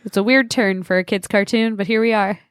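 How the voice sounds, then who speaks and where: A woman's voice: mid-range voice, fairly even intonation, fairly quick, clean tone, no room sound, studio quality. A woman co-hosting a casual podcast, chatty and wry as she recaps cartoon plots. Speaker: podcast co-host answering trivia.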